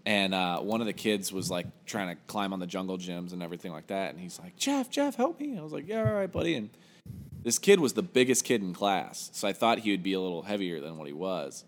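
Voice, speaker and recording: A man's voice: sits low, in a large hall. A young man chatting casually on a podcast, telling stories with plenty of swearing and laughter. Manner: profane, laughing storyteller. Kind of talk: casual chat.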